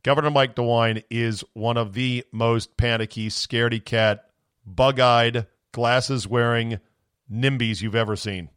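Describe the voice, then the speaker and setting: A man's voice: medium pitch, fairly even intonation, measured pace, a bit bright, clean tone, no echo. Sarcastic ranting man, dry close mic. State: voice going from screaming. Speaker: podcast host. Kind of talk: casual podcast rant.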